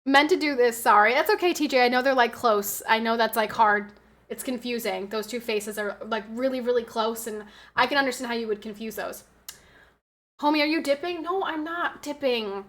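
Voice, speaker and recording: A young pregnant woman streaming, chatting with her viewers in a loud, excitable, fast-talking way. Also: a little high. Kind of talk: casual chat with live viewers.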